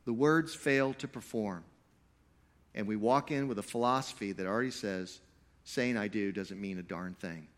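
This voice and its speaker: A man preaching a sermon to a live congregation. He swings between loud, emphatic stretches and quiet asides, and he jokes with the crowd. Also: fairly low pitch, moderate pace. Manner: playful, jokey with the crowd. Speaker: pastor.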